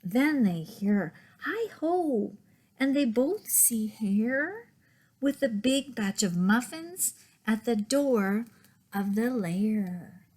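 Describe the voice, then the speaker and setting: A woman who works as a children's librarian, reading picture books aloud in a gentle, expressive manner that often drops to a whisper. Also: on the high side, slow pace. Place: public library.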